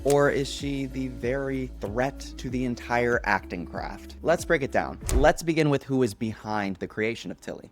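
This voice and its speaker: A man, an actor, giving casual commentary straight to the listener in an animated, expressive way with playful asides. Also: medium pitch.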